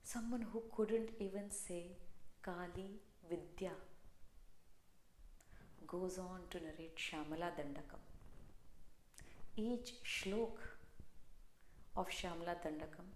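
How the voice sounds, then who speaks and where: A woman's voice: fairly low pitch, takes it slowly, long pauses, roomy sound, a little hiss or hum. A woman giving a reverent devotional discourse, chanting hymn verses and explaining them one by one. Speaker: spiritual teacher explaining a hymn.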